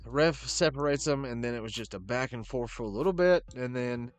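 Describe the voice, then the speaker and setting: A man's voice: mid-range voice, brisk, faint music behind. A man hosting a podcast, recapping a wrestling show in a casual, profane way and quoting the wrestlers in loose impressions. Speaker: podcast host.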